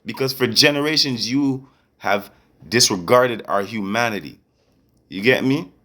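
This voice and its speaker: A man's voice: mid-range voice, a little slow, fairly bright tone. A man in an angry, confrontational rant to camera as a vlogger, repeatedly checking that listeners follow him. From Canada. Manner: confrontational, repeats "you get me".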